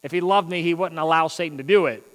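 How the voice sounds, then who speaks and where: A male pastor preaching a sermon, swinging between loud, emphatic runs and quiet, joking asides. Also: on the high side, quick pace. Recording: long reverb of a large hall.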